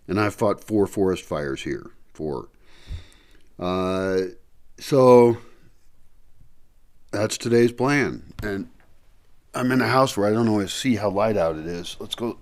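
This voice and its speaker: Before dawn inside a house, a male vlogger chats casually to his camera, rambling and thinking aloud with lots of fillers. A candy in his mouth muffles his words slightly. His voice is fairly low and a little mellow.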